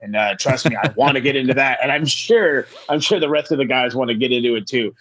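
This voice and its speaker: A man's voice: mid-range voice, a bit bright. Chatty male podcast host. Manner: chatty, plugging socials with quick asides. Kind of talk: casual podcast outro.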